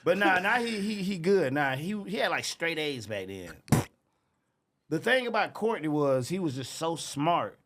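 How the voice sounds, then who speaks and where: A male comedian telling stories in a loud, animated and profane way, laughing often. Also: a little high, moderate pace, slight background noise. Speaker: comedian guest. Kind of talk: casual chat.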